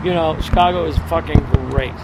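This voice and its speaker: A middle-aged man from the Boston area with a fairly high voice, rambling through crude, swaggering punk-rock stories. He talks outdoors in front of a bar, and passing cars and loud street traffic fill the background. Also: steady tone, fairly quick. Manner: profane, rambling, swaggering storyteller. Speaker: punk singer being interviewed. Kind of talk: casual street interview, storytelling. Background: passing cars and city traffic.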